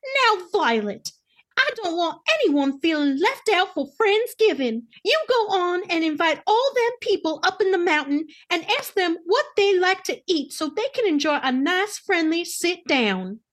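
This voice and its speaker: A woman's voice: very high-pitched, big pitch swings, unhurried, a bit bright, voice pushed up, exaggerated voice. A woman voicing a fussy, opinionated older Southern mother in her sixties, with a drawling Southern accent. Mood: bossy.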